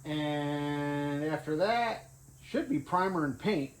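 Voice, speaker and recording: A man's voice: fairly high pitch, takes it slowly, a little hiss or hum, poor audio. A man casually narrating his truck build in a home garage, offhand and thinking aloud with fillers. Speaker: garage vlogger.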